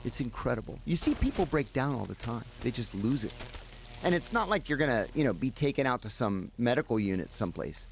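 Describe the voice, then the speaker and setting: A man with a creaky, gravelly voice tells a story as an interview guest. His pitch rises and falls widely. He acts out the people in his story as he goes, with a faint hiss of noise behind him. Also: fairly quick. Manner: animated, acts out the people he quotes.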